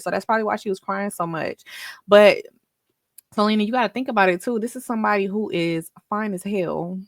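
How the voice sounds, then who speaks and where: A woman's voice: mid-range voice, dry recording. A sassy woman reacting on a dry, close mic. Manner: casual, talks back to the clip, sassy asides. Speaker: commentary vlogger. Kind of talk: reaction commentary.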